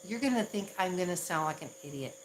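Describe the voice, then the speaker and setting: A Southern woman chats casually on a livestream, self-deprecating and quick to laugh at herself. Her voice sits low but moves a lot, rising and falling as she talks. A faint hum runs in the background. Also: expressive, low-quality recording. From Southern United States. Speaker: ASMR livestream host.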